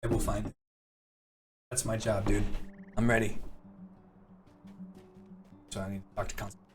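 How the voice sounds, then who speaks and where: A man's voice: on the low side, little pitch movement, moderate pace, music in the background. A man giving casual, playful gameplay commentary, with apologetic, laughing asides. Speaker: let's play host.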